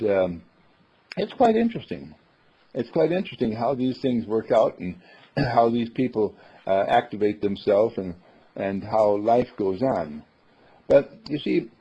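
A man's voice: on the low side, slightly rough. A man giving a rambling, folksy spiritual talk, acting out the quotes he tells. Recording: dull lo-fi recording.

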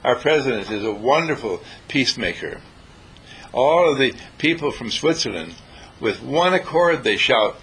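A man's voice: mid-range voice, expressive, moderate pace, fairly bright tone, slightly rough, rough recording. A man giving an inspirational talk on peace to a small group, playful and preachy, sometimes acting out other people's voices. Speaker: spiritual teacher.

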